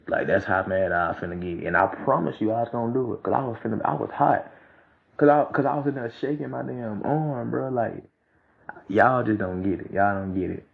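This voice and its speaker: A man's voice: fairly low pitch, creaky. A man hosting a podcast who tells a story in a heated, profane way, full of repeated slang. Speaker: podcast host. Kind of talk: storytelling monologue. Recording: tinny phone-like sound.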